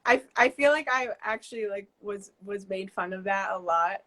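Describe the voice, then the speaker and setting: A woman's voice: medium pitch, sharp tone, rough recording. A woman in her twenties from New Jersey, with a New Jersey accent, chatting as a guest artist over a video call, hesitant and full of fillers. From New Jersey, USA. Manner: rambling, hesitant, many fillers and quick laughs. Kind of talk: casual chat.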